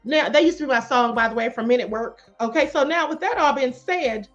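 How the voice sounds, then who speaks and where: Sassy woman streamer, high voice, slightly dull sound with faint music behind. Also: a little fast. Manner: sassy, animated, calls viewers beloved and honey. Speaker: live stream host. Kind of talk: live commentary reading chat.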